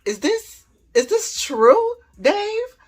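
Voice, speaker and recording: A woman's voice: mid-range voice, very animated, moderate pace, fairly bright tone, slightly rough, pitched above the performer's own voice. A man voicing a shocked, tearful middle-aged wife who speaks in an incredulous, pleading way.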